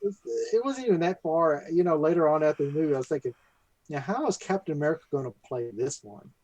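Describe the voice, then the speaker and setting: Young man, mellow dark voice, dry close sound, casual podcast chat, thinks aloud. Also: on the high side, lively intonation, fast talker, no echo, low-quality recording. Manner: thinks aloud, restarts often, explains plot. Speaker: podcast co-host.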